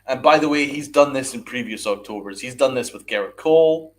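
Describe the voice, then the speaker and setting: With a brisk, mid-range voice, a podcast host launches into an angry, profane sports rant while a live chat runs. He hammers the same points again and again and throws rhetorical questions at his audience.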